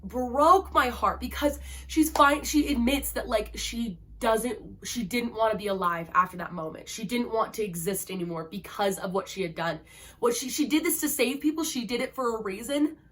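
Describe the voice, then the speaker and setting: A woman's voice: a little high, moderate pace, a bit bright. A young woman talking casually about books she loves, gushing and dramatic, with lots of fillers. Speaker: book reviewer.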